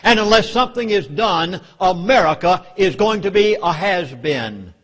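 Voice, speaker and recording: A man's voice: high voice, expressive, moderate pace, fairly bright tone. A man with a Southern US accent giving an emphatic speech to a live audience, with dramatic warnings. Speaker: public speaker.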